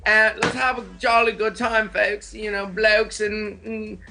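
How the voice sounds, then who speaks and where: A man putting on a mock English accent as a jolly, swearing bloke, loud and laughing. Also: high-pitched, little pitch movement, a little slow, vocal fry. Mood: boisterous. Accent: put-on English.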